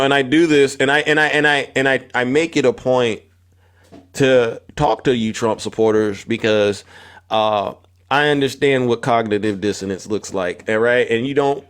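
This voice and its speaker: A man's voice: medium pitch, smooth. A man hosting a political livestream, calling out viewers by name and repeating phrases with rising emphasis. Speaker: livestream host.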